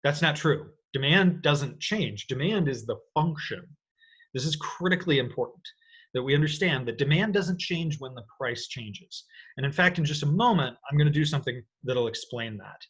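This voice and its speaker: A man teaching an economics lecture in an energetic, playful way, often checking in with his students. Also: on the high side, moderate pace, husky. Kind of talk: recorded lecture.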